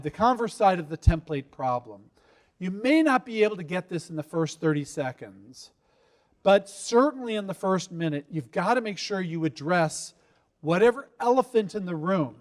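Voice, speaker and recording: High-voiced man coaching founders. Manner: lively, quizzes the audience, acts out quotes. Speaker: investor giving pitch advice. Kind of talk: workshop talk to a live audience.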